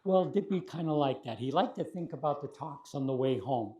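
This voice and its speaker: A man with a mellow, slightly high voice tells a moral story to children as their martial arts instructor. He speaks gently and patiently, pausing to check that his listeners follow along. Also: expressive. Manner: gentle, often checking in with "okay?".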